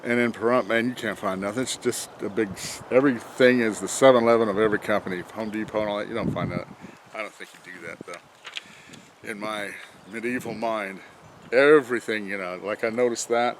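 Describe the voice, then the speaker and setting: A man with a low, relaxed voice rambles through a casual vlog outdoors, chuckling and talking half to himself as he looks over his truck. Faint outdoor noise sits behind him on a simple camera mic. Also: brisk. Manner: rambling, chuckling, talks to himself while working. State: out of breath from bending over. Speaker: vlogger reviewing a truck job.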